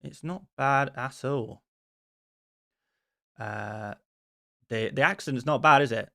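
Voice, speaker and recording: A man hosting a live stream, chatting casually as he answers viewer questions, self-deprecating and quick to laugh. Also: medium pitch, sharp tone, no room sound, clean studio sound. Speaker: fantasy football streamer.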